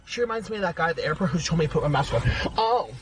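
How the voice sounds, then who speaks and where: High, animated man chatting to camera. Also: rapid-fire, noisy background. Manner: animated, silly rhymes and sing-song repeats. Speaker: YouTuber. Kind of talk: casual chat to camera.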